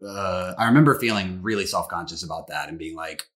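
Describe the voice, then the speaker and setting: A man's voice: low-pitched, fairly quick, fairly bright tone. A man in his thirties, a former child actor from the American South, casually and earnestly reminiscing as a podcast guest. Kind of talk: casual storytelling.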